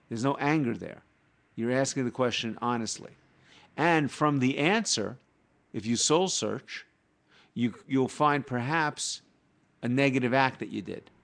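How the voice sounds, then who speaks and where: A man's voice: medium pitch, vocal fry. A man, a guest on a talk show, reading short passages aloud and then explaining spiritual ideas with everyday examples. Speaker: guest teaching Kabbalah.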